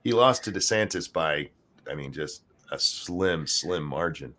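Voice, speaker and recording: A man's voice: a bass voice, animated, measured pace, fairly bright tone. A man co-hosting a casual talk stream, chatting in an offhand way with joking asides. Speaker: co-host. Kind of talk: casual podcast chat.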